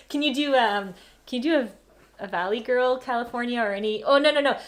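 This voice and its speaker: Brief: woman host, live-stream chat, slightly high voice, talkative and laughing. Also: brisk. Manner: chatty, laughing, heavy on "like". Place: home during lockdown.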